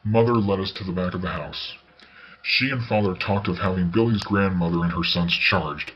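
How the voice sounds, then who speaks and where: A deep-voiced man reads a story aloud in a measured, unhurried way. The recording is a little dull and carries a faint hiss. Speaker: narrator. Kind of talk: storybook reading.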